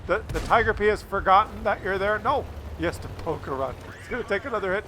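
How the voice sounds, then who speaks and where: A man commentating a tank game replay, animated and loud at big moments. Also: sits high, a little fast, hardly any pauses, a little hiss or hum. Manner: animated, shouts and laughs at big shots. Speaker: gameplay commentator.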